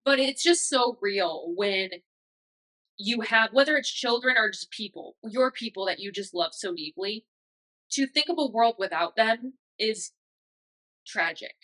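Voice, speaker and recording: A woman's voice: fairly high pitch, unhurried, sharp tone, low-quality recording. A woman in her thirties hosting a podcast, talking in a casual, emotional way with many fillers. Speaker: podcast host. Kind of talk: casual reflective monologue.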